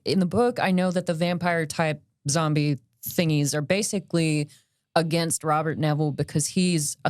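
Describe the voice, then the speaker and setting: A woman's voice: low voice, a little mellow, dry recording, clean studio sound. A woman co-hosting a podcast, chatting about films with wry, teasing humor. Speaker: podcast co-host. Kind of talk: casual chat about a film.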